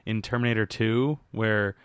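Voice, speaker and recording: A man's voice: on the low side, steady tone, moderate pace, a bit bright, clear, resonant tone, no room sound. A man co-hosting a casual movie commentary podcast, joking and rambling with many fillers. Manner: joking, rambling, laughs often. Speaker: podcast co-host.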